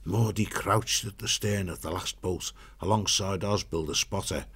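A man narrating a storybook in a steady, measured way. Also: sits low, husky.

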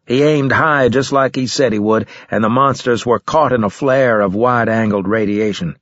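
A man reading a first-person story aloud in a steady, measured way with grim weight. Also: medium pitch, no room sound, lo-fi sound. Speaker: audiobook narrator. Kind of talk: first-person scripted narration.

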